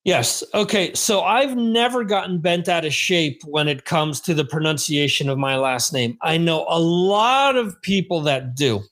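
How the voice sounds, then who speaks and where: A chatty American man hosts a relaxed podcast conversation, his speaking voice sitting noticeably high for a man. He rambles through anecdotes, stopping to correct himself and add asides as he goes. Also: measured pace, hardly any pauses. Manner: chatty storyteller with many asides. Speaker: podcast host. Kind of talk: casual podcast chat.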